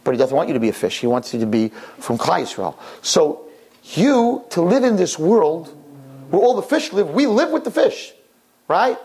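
An older man, a rabbi, preaching a sermon through an animated story and often jumping into high, excited voices. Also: moderate pace, breathy edge.

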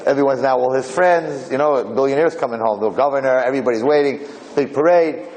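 A man's voice: medium pitch, fairly quick, darkish tone, low-quality recording. A man telling a long folk parable in a casual, digressive way, jumping into different characters' voices. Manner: rambling, digressive, acts out characters. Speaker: storyteller.

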